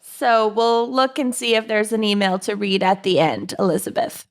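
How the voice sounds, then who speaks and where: A woman's voice: mid-range voice, fairly even intonation, normal speed. A young woman hosting a casual podcast chat, laid-back and giggly, rambling with fillers. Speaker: podcast host.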